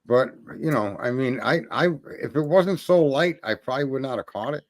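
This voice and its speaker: Animated, profane man ranting casually. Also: medium pitch, normal speed. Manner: blunt, profane, rambling storyteller. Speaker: stream host. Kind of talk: casual chat.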